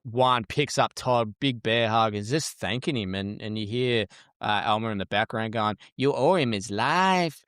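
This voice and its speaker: Blunt podcast host, dry sound. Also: male voice, fairly low pitch, steady tone, moderate pace, fairly bright tone, smooth, no echo. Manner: blunt, jokey, swears freely. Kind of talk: casual podcast chat.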